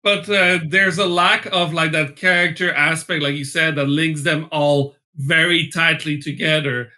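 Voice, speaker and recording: A man in casual chat, talking unhurriedly with filler pauses. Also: on the high side, fairly even intonation, pushed and bright.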